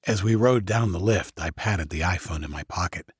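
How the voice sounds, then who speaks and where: A man's voice: deep voice, moderate pace, breathy edge, no room sound, clean studio sound. A man narrating a first-person audiobook, voicing every character himself.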